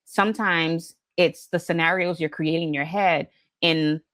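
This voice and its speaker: A woman host with a fairly low voice speaks earnestly and reflectively, circling her points with fillers. The recording is dry and close. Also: fairly even intonation, measured pace, fairly bright tone, dry recording. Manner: reflective, earnest, explains at length with many fillers. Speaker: podcast host. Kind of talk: conversational interview.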